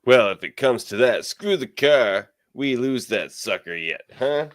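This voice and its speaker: A man's voice: medium pitch, animated, a little slow, no room sound, pitched above the performer's own voice, close to an everyday voice. A man putting on a laid-back surfer-dude voice for a young male hero, drawling surfer slang.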